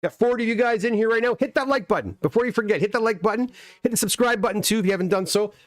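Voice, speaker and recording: A man's voice: high voice, very fast, no echo, clean studio sound. A middle-aged man from Canada hosting a casual live stream, chatting in a rambling way and reading comments aloud. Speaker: livestream host unboxing graded comics.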